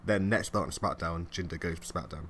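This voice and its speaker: Chatting through a casual wrestling review with his co-host, this young podcaster speaks in a very deep voice. Frequent laughter and quick impressions of the figures discussed fill the talk, over a faint recording hiss.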